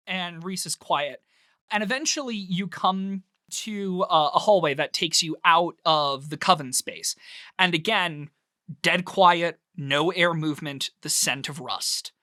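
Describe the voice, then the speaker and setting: Guy gm narrating the scene, bright punchy voice, dry close sound. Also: a little high, no echo. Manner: descriptive, drawn-out emphasis. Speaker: game master. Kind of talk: narrating a tabletop game.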